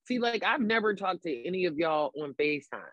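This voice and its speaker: A man with a high voice and a dry, close sound, chatting in a group with a playful, animated manner. He is from Baltimore and often leaps higher to act out his own reactions. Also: brisk, dry recording, dull audio. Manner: playful, animated, goes high for put-on lines. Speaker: panelist. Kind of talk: casual chat.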